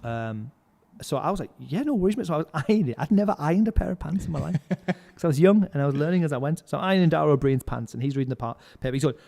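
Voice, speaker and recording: In a fairly high yet dark-toned voice with vocal fry, a podcast guest who stage-manages live music rattles off backstage stories rapid-fire, animated and barely pausing. He rambles casually, leaning hard on "like" and fillers. The indoor podcast room has a long echo.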